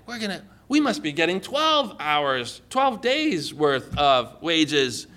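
A man's voice: on the high side, takes it slowly, heavily acted. A man voicing astonished, grumbling male day laborers with incredulous outbursts. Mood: amazed. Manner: incredulous, excited exclamations.

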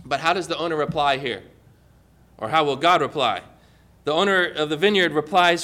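A male pastor preaching a sermon, retelling a parable with animated storytelling and frequent rhetorical questions. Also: fairly high pitch, normal speed.

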